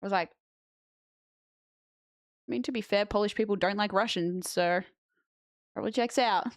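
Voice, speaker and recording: A woman's voice: mid-range voice, moderate pace, dry recording, studio quality. A young woman streaming, chatting bluntly and jokingly with her live chat and reading messages aloud. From Australia.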